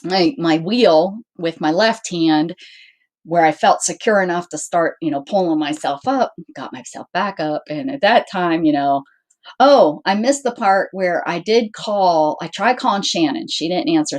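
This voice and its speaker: This channel host, a woman with a lowish, unhurried voice, casually tells her viewers a story. She's animated, performing everyone's lines, and rambles, restarting her sentences again and again.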